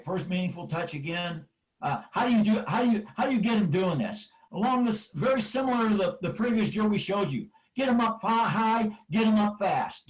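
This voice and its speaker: A man's voice: high voice, far from the mic, low-quality recording. An older man coaching football linemen in a clinic, driving points home with emphatic, repeated cue words. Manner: emphatic, repetitive cueing phrases. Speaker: football offensive line coach. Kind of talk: coaching clinic presentation over drill video.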